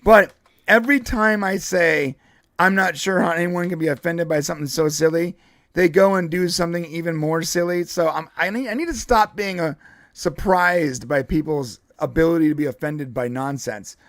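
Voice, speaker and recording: A man with a rather high voice co-hosts a casual live stream, rambling through stories with plenty of restarts. He laughs easily between points. The sound is dry and close, with no room echo. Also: moderate pace, fairly bright tone. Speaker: podcast co-host.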